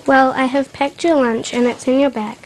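A woman reading as a brisk mother. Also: high-pitched, steady tone, a little hiss or hum, low-quality recording. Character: busy bossy mother making breakfast.

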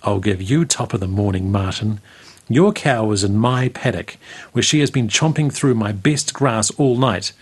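A man reading the lines of a sharp-tongued, no-nonsense farm wife, firm and sarcastic. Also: lowish voice, normal speed, slightly rough.

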